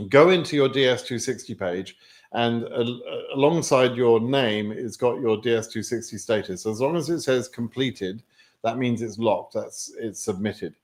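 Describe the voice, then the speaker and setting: A man with an English accent answering viewer questions on a live stream, in a chatty way with many fillers. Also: medium pitch. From England.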